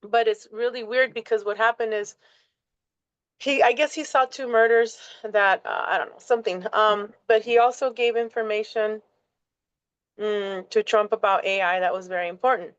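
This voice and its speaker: Smooth-voiced woman, halting rambling chat. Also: on the high side, steady tone, a bit bright, no room sound. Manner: halting, many fillers and restarts. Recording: dull lo-fi call audio.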